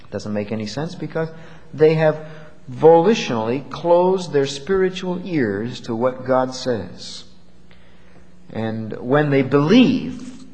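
A man preaches an expository sermon in a church, at a middling pitch. He often doubles back on his words for emphasis. His voice rings with the long reverb of a large hall. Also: darkish tone. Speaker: pastor.

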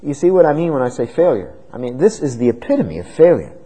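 A man preaching an expository sermon, dramatic, swinging from loud emphasis to hushed tones. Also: medium pitch, sing-song, fast, slightly rough, rough recording.

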